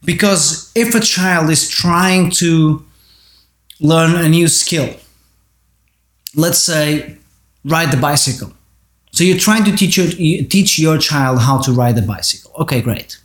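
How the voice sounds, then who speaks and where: A man with a voice pitched a little high delivers an earnest monologue on parenting. He speaks directly to parents in a steady, reflective way. The recording carries a noticeable room echo. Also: slow. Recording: roomy echo.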